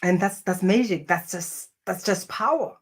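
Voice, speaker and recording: A woman talks to her viewers as a spiritual coach. Her delivery is earnest and unscripted. She often stumbles and repeats words before her point lands, and her pitch sits in a middle range. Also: normal speed, breathy edge. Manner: earnest, with many restarts and repeated phrases. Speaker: spiritual self-help coach. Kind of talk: spiritual self-help talk to camera.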